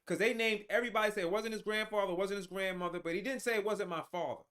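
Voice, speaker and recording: High bright-voiced man ranting. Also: fairly even intonation, racing. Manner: heated, profane, repetitive restarts. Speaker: show host. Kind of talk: ranting political commentary.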